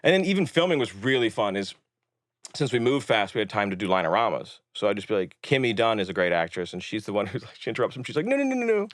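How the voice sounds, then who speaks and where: A man, a filmmaker guest on a podcast, telling stories in lively casual chat, acting out other people's lines and swearing freely. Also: lowish voice, fast talker, dry recording, studio quality. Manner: animated storyteller who acts out others' lines, swears casually.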